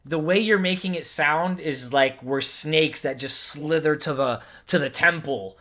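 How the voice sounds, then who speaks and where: A man's voice: a little high, a little slow, bright, forceful tone. Exasperated man arguing a point. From United States. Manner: exasperated, argumentative, sarcastic. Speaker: commentator reacting to a video. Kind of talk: heated reaction commentary.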